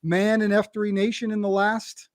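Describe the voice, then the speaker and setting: A man hosting a podcast, chatty and quick to laugh, who introduces his guest in long run-on sentences. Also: high voice, flat delivery, dry recording, studio quality. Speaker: podcast host. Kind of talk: casual podcast chat.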